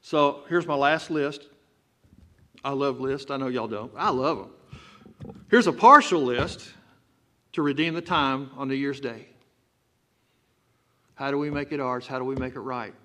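A man's voice: medium pitch, measured pace, pauses often, sharp tone. A man with a Texan accent, preaching a sermon as pastor and breaking into emphatic, rising outbursts. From Texas. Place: church sanctuary.

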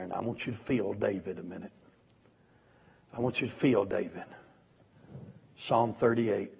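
A middle-aged man preaching a sermon in a folksy storytelling way, swinging from loud exhortation to hushed confession. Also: fairly low pitch, creaky, breathy edge.

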